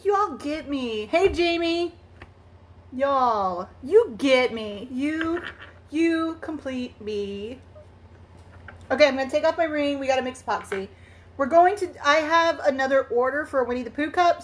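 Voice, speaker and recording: A chatty woman with a high voice hosts a live crafting stream. She greets her viewers one by one and laughs easily as she talks. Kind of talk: casual live-stream chat while crafting.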